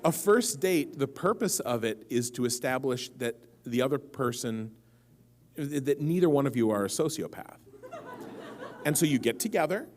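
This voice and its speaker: A man in his forties talks to a big convention audience through a microphone, joking and swinging his voice up and down as he acts out little scenes. His pitch sits in the middle, and there is a faint hum under the live room sound. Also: normal speed, some chatter behind. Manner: jokey, animated storytelling with quoted voices. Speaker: author at a convention panel. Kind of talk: live stage talk and Q and A. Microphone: handheld or stand mic.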